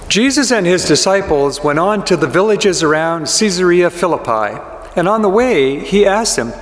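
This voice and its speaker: In a church sanctuary with long, echoing reverb, a male pastor reads scripture and preaches at a moderate pace. His high-set voice has lively intonation, and he gives each quoted speaker a voice of their own.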